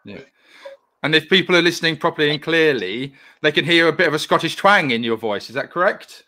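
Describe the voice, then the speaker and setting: A man's voice: on the high side, animated, brisk, pushed and bright. A man hosting a live online interview over a video call, chatty and rambling, laughing often. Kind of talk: casual live-stream interview.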